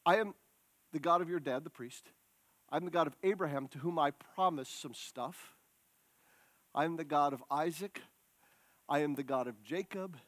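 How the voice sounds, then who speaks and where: A man voicing God as a calm, commanding male presence, speaking in a hushed, low, measured way. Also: no room sound. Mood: solemn.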